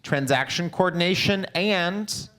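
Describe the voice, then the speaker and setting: A man presenting a live business seminar, coaching the audience directly and often asking quick check-in questions. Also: high-pitched, sharp tone. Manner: direct, coaching, upbeat delivery. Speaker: real estate seminar presenter.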